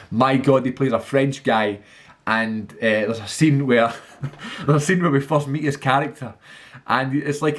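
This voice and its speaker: A man in a casual vlog who chats eagerly and rambles, full of fillers and restarts. His pitch sits in an ordinary middle range. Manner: enthusiastic. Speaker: film vlogger. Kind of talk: casual movie list monologue.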